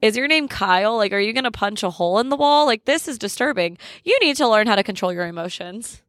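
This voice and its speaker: A woman's voice: medium pitch, lively intonation, fast, fairly bright tone, dry recording. A young woman hosting a podcast in a candid, casual chat, laughing often and swearing freely. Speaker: podcast host.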